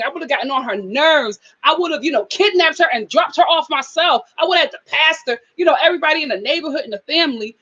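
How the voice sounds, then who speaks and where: Woman host of a live review stream, sassy and scolding, high voice that swings widely. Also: bright, forceful tone, lo-fi sound. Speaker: show host. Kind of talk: live reality-TV review, casual chat.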